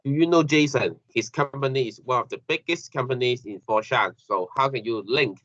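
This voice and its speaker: A man teaching an English grammar lesson, halting and repeating phrases with many fillers. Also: mid-range voice, fairly bright tone, no echo. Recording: dull lo-fi classroom recording.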